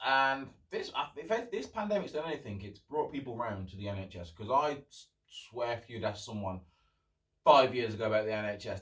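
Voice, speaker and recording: A young man hosts a solo podcast in loose, rambling chat. His pitch sits in the middle, and he gets sarcastic and swears when he rants. The mic sits some distance from him, so his voice sounds slightly removed. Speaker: podcast host.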